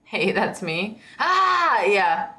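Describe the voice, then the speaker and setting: A woman's voice: medium pitch, sing-song, drawn-out words, pushed and bright. A woman streamer in casual livestream chat, teasing and laughing often. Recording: echoey room.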